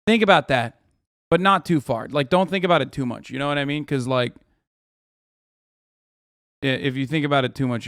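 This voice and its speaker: A man streams live and reacts to chat in a heated, swearing rant. His voice sits a touch higher than most men's, and it sounds dry and close with no room echo. Between the outbursts he slips into sarcastic jokes that trail off. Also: fairly bright tone. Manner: heated, profane, sarcastic ranting; jokey, trailing off into mumbles.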